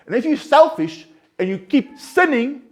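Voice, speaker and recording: A man's voice: extremely high pitch, big pitch swings, moderate pace. A man counseling a recovery group, talking earnestly and conversationally, often restarting and pressing his points with rising emphasis. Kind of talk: informal group talk.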